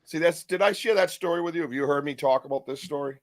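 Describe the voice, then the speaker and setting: Animated male podcast host, dry close sound. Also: a little high, fast, no room sound. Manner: animated, laughs often, acts out others' voices. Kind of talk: casual chat.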